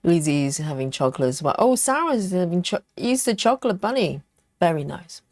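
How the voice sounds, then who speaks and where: A woman's voice: fairly low pitch, sing-song, a little fast, darkish tone, no room sound, clean studio sound. A woman hosting a live cross-stitch stream, reading viewer comments aloud and chatting back while she stitches and eats chocolate. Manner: chatty, reads comments aloud and answers them.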